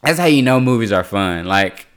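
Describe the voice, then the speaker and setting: A man's voice: lowish voice, lively intonation, moderate pace, fairly bright tone. A young man hosting a podcast in casual, rambling chat, laughing often. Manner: loose, rambling, laughs a lot. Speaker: podcast host.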